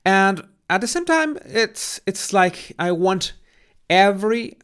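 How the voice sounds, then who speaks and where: Smooth-voiced man with a Latin American Spanish accent. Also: high-pitched, very animated, slow pace, a bit bright. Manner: hesitant, stuttering restarts; careful with pronunciation. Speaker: channel host. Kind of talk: casual rambling live chat.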